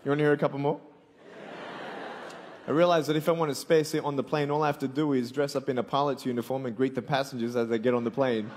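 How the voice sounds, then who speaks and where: A man's voice: mid-range voice, fairly even intonation, fast talker, a little hiss or hum. A man in his twenties with an Australian accent, giving a sermon that mixes playful stories with earnest, pressing questions. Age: 20s. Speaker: motivational Christian speaker. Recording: long hall reverb.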